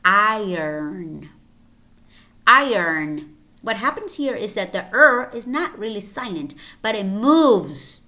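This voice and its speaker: A woman teaching English pronunciation in a slow, deliberate lesson, repeating each word carefully with pauses between items, her first language Spanish. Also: on the high side, big pitch swings, bright, forceful tone.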